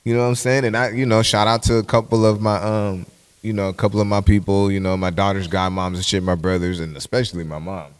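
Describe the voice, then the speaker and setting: A man hosting a podcast in casual chat, animated and profane, slipping into playful voices of his friends. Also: on the low side, quick pace, clean tone, long reverb tail. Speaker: podcast host.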